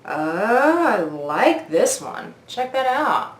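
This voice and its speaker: A woman's voice: mid-range voice, measured pace, reverberant. A woman in her forties doing a makeup review vlog, gushing and oohing as she tries products at her mirror. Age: 40s. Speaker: beauty vlogger.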